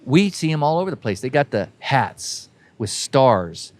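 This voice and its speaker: A man's voice: medium pitch, sing-song, normal speed, a little mellow, dry recording. A man hosting a podcast, delivering a folksy, emphatic motivational monologue that exhorts listeners directly. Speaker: podcast host.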